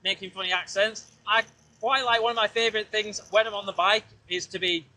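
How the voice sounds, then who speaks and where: A man's voice: high voice, fairly even intonation, fairly quick, pushed and bright. Chatty man riding a scooter outdoors. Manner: chatty, rambling, jokey. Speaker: podcast host. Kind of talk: casual vlog narration while riding. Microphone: small mic with a fluffy windshield. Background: road ambience.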